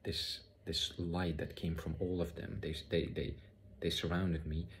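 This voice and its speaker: A man telling a personal spiritual story in a halting way, often repeating words and using many fillers. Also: low-pitched, level tone, slight background noise. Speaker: spiritual vlogger. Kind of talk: personal testimony monologue.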